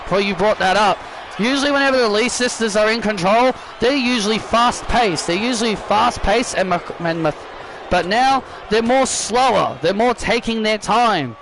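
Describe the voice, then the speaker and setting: High-pitched guy doing hype play-by-play over a wrestling game, keeps restarting lines, yells on big moves, noisy background. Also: animated, moderate pace, a crowd in the background. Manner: frequent restarts and self-corrections, bursts of shouting at big moves. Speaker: YouTuber commentating his own wrestling video game matches. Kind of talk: excitable play-by-play commentary over gameplay.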